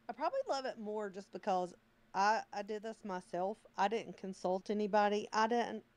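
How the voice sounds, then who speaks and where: A bubbly woman joins a casual live chat and gushes with enthusiasm, often repeating herself. Her voice sits at a middle pitch. The sound is dry and close. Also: darkish tone, clean tone, no echo. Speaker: guest speaker in a live audio space.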